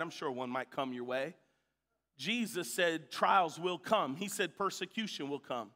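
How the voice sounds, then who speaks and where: Guy preaching, lively storytelling, gets shouty, big echoey church. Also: fairly high pitch. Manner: animated storytelling, shouting at peaks. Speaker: pastor. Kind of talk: sermon. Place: church sanctuary. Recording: church hall reverb.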